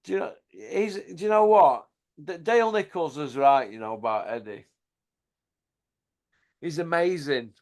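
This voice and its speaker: A man's voice: on the high side, expressive, unhurried, pauses often, a little mellow. A man hosting a casual, jokey chat and mocking people in slangy banter. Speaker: channel host. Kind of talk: casual banter about boxing.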